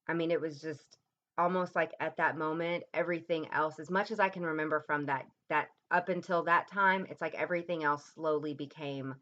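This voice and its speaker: A woman in her thirties tells a deeply personal story straight to camera in a home vlog. Her voice sits on the low side and she speaks haltingly, with frequent ums and restarts, going quiet and soft when the memories get hard. The audio is dull and lo-fi, like a home video. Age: 30s. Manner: voice drops low and soft at painful moments. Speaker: vlogger.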